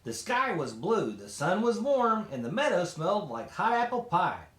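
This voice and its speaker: A man reads a children's story aloud with lots of expression. His voice sits high and swings widely from line to line. A roomy echo follows him. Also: normal speed. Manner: expressive, animated. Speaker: storybook reader.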